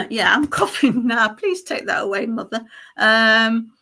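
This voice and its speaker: A woman with a bright, clear voice gives a live psychic reading. She talks in a halting, meandering flow, full of fillers and self-corrections. She keeps checking in with the sitter, asking "isn't it?" and "don't you?". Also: on the high side, animated. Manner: halting, stream-of-consciousness delivery with many fillers and restarts; addresses the sitter directly, checking in with tag questions. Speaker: psychic medium.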